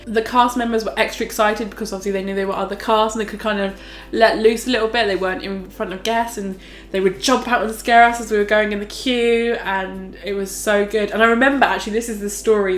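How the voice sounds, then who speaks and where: A woman's voice: medium pitch, reverberant. Chatty young woman vlogging. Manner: chatty and animated, full of "like" and "um". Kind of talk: casual storytelling.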